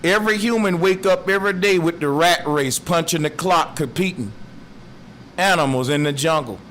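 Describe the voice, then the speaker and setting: A man muses slowly through a philosophical monologue in streetwise slang. His voice sits a bit high for a man. A faint hiss hangs behind him. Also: fairly bright tone. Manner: slow, musing, streetwise slang. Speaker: speaker.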